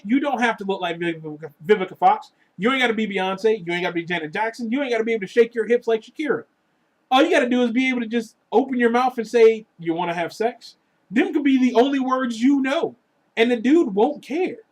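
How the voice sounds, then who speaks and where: A man ranting casually to his viewers about dating, crude and profane, joking as he goes, swinging between loud lines and muttered asides. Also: very high-pitched. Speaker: vlogger. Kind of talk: casual rant to camera.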